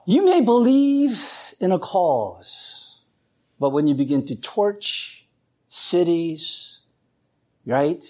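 A man's voice: high-pitched, drawn-out words, long pauses. A man preaching a sermon, telling stories and acting out voices as he goes. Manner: animated storytelling, acts out voices. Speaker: pastor.

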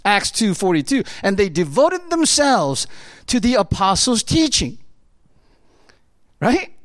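With a very high voice, this male pastor preaches like he's chatting, lively and animated, tacking "right?" onto his points again and again to check in with the congregation. No room sound can be heard on the recording.

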